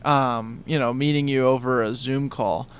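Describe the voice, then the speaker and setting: Smooth-voiced enthusiastic young podcast host. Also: male voice, mid-range voice, fairly even intonation, moderate pace. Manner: enthusiastic, loose and rambling. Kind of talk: casual conversation.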